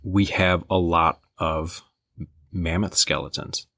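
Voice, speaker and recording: A young Michigan man co-hosts a podcast, enthusiastically telling rambling stories in casual chat. His voice is low, steady, slow, creaky and sharp in tone, captured on a podcast microphone with clean studio sound and no room noise.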